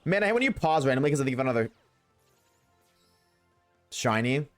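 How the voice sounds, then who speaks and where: A man with a mid-range, sing-song voice talks briskly over soft background music. He's streaming a game and chatting with viewers as he plays, ranting bluntly to his live chat and swearing freely.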